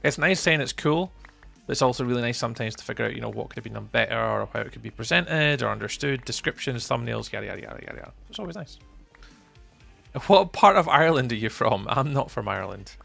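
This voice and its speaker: A man with a mild Scottish accent and a very gravelly, creaky voice that is bright and forceful. He talks casually as a game streamer, replying to his viewers' chat messages, with faint music playing behind him. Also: medium pitch, animated, fast talker. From Scotland.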